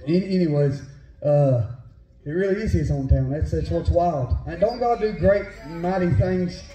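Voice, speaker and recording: A man with a West Virginia Appalachian accent preaching a sermon, folksy and fervent, at times rising to shouts. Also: on the high side, moderate pace. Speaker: pastor. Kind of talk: sermon with personal storytelling. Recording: echoey church room.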